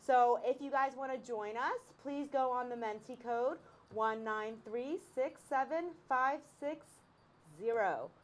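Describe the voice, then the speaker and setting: A woman co-hosts a trivia game in a chatty, casual way, with frequent ums and uhs between her words. Her voice sits somewhat high for a woman. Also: measured pace. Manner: chatty, laughing, with many fillers. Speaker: trivia co-host.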